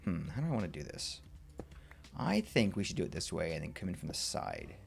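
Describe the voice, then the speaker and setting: A man's voice: sits low, brisk, gravelly. A man streaming live, chatting casually with his viewers as he builds and ranting playfully, sometimes muttering under his breath. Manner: excitable and rambling, reacting to chat with playful rants. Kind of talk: casual livestream chat while building in a game.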